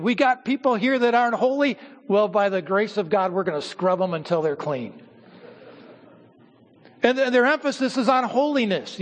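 High-voiced pastor preaching in a hall. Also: male voice. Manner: teaching, measured with pauses and repeated words. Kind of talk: sermon. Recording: hall reverb.

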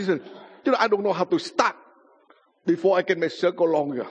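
Pastor testifying in an echoing hall. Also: male voice, high-pitched, a little fast, husky. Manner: non-native English, simple grammar, dramatic retelling. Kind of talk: sermon testimony. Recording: muffled sound in a reverberant hall.

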